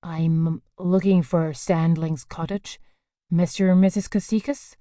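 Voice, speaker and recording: A woman's voice: fairly low pitch, fairly even intonation, a little slow, warm tone, no room sound, studio quality, close to an everyday voice. A woman voicing a courteous, hesitant man with an American accent in an audiobook. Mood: polite. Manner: hesitant, polite, apologetic.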